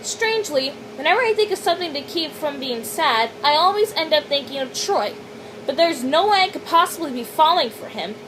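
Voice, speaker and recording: A young woman reading her own fanfiction aloud in an animated, dramatic first-person voice. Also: high voice, brisk, background noise. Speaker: fanfiction reader.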